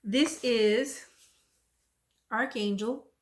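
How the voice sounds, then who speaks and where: A woman's voice: a little high, very slow. A middle-aged woman, chatting casually about her cross stitch and telling rambling stories. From Texas. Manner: chatty, rambling, lively when retelling stories. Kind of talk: casual chat and storytelling.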